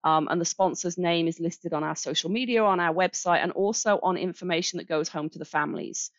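A woman's voice: lowish voice, brisk, no echo, highs cut off. A woman from England with a Birmingham accent, speaking as a charity director in a casual interview, explaining things in a friendly, plain-spoken way. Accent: Birmingham English.

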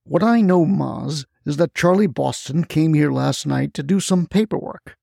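A man voicing a scheming male landfill mogul who talks in a calm, smooth, persuasive way. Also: a little high, normal speed, no room sound, studio quality.

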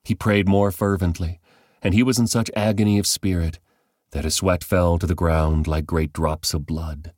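A man reading a Bible passage aloud as measured, scripted narration. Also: sits low, fairly even intonation, a little mellow, no room sound, clean studio sound. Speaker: Bible reader.

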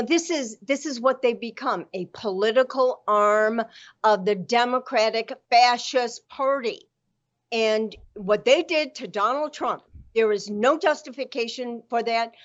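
A woman guest speaking forcefully and indignantly in a political interview. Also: on the high side, muffled recording.

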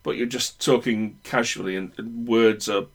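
A man's voice: fairly low pitch, steady tone, normal speed, slightly rough. A man with a broad northern English accent talks casually, offering his opinions at length. He often stops and restarts his sentences as he works through a thought. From Northern England. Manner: opinionated, rambling with many restarts. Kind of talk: casual chat.

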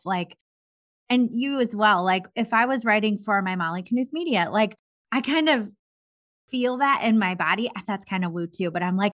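A woman hosts a relaxed interview in a mid-range voice. She thinks out loud, leaning on "like" as she shares her own habits and asks follow-up questions. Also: medium pitch. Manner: conversational, reflective, uses "like" often. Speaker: podcast host. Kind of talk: casual interview chat.

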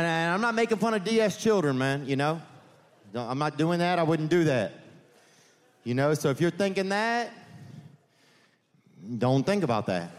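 A man's voice: fairly high pitch, slight background noise. A man doing a stand-up comedy set on a theater stage, rambling through meandering digressions and leaning on "man" and "you know.". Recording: reverberant theater with faint audience ambience.

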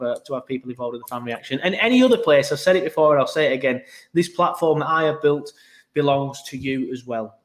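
A man hosting a football fan podcast, upbeat and talking straight to his listeners with the odd filler. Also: on the high side. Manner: upbeat, quick, thinks aloud with fillers. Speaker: podcast host.

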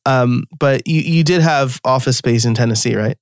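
A man from New York hosting a podcast interview, chatty and quick to laugh, with lots of ums and restarts. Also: mid-range voice, dry recording, clean studio sound. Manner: chatty, laughs easily, many fillers. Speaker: podcast host. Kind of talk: casual interview chat.

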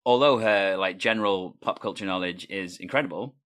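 A man's voice: low voice, fairly quick, a bit bright. A man from Wales with a neutral British accent, hosting a casual chat and telling stories with laughs mid-sentence. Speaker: podcast host.

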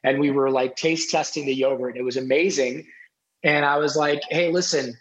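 A middle-aged man, a podcast guest, telling a personal story in an animated way and acting out the dialogue. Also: medium pitch, moderate pace, poor audio. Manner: animated, acts out quoted dialogue.

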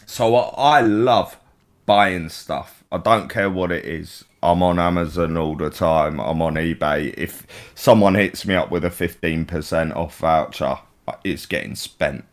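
A man co-hosting a casual podcast over a video call, relaxed and quick to laugh. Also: sits low. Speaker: podcast co-host. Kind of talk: casual chat.

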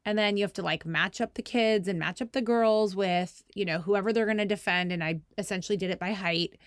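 A woman in her thirties hosting a podcast, telling a story in a lively, self-mocking way and acting out shouted lines. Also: medium pitch, fairly quick, clean tone, no echo, clean studio sound. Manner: animated, self-deprecating, acts out shouted quotes. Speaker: podcast host. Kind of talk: casual storytelling.

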